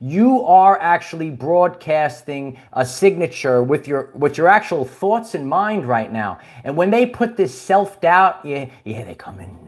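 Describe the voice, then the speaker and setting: A man's voice: on the high side, very animated, a little slow, hardly any pauses. Rambling man hosting a late-night livestream. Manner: rambling, many restarts, chuckles often; reads viewer comments and greets the audience. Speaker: livestream host. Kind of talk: casual spiritual livestream chat.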